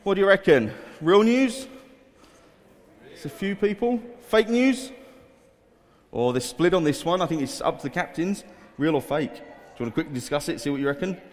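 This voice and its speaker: A man's voice: a little high, animated, normal speed, pauses often. A man leading a quiz for children in a school hall, coaxing volunteers and reading headlines aloud in an upbeat way. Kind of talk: addressing a room of children. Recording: echoey hall reverb.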